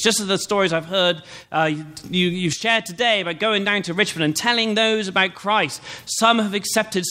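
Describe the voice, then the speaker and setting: A young man preaching a sermon, reading scripture aloud and then explaining it in an earnest, measured way. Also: high voice, pushed and bright. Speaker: pastor.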